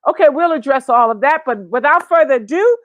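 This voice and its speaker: A woman co-hosting a casual online talk show, lively and chatty, often talking over her co-host. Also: sits high, brisk, dry recording, highs cut off.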